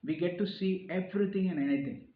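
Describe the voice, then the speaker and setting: An earnest man talks in a sermon-like way, going back over his phrases and leaning into the key points. His voice sits a bit high. The sound is roomy and a little muffled. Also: quick pace. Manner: earnest, repeats phrases and restarts, rising emphasis on key points. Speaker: speaker giving a reflective talk. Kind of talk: informal sermon-style reflection.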